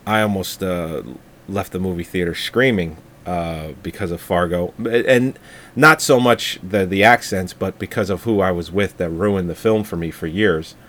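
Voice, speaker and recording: A man's voice: sits low, moderate pace, a bit bright. A man co-hosting a casual movie review chat, swearing and laughing as he tells long stories. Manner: laughing, swearing, rambling storyteller. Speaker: podcast co-host.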